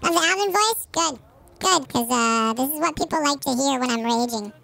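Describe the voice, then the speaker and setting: A male streamer talking through a high chipmunk-style pitch-shift filter while commenting on his gameplay, exasperated and joking. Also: normal speed, vocal fry, pushed and bright, soft background music, full character voice. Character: man's own talk sped-up chipmunk-style, male.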